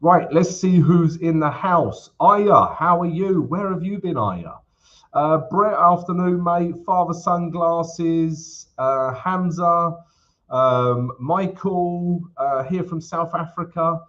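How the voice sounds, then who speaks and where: A man's voice: fairly high pitch, takes it slowly, fairly bright tone. A man hosting a live trading stream, chatting casually with viewers and filling his talk with ums and asides. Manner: chatty, many fillers, addresses viewers as guys. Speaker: forex trading livestream host. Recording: slightly dull lo-fi stream audio.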